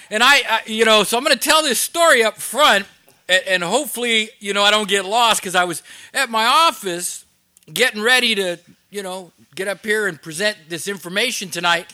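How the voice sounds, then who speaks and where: A man's voice: high voice, brisk, pushed and bright. A middle-aged man telling a story in a sermon to a recovery group, acting out the dialogue. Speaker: recovery ministry teacher.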